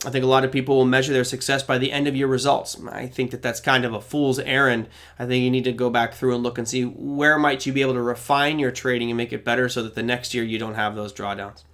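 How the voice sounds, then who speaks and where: A man's voice: mid-range voice, level tone, quick pace, hardly any pauses, a bit bright. A middle-aged man hosting a live trading Q&A, casually explaining his approach and reading out viewer questions as he goes. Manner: conversational, explains while reading questions aloud.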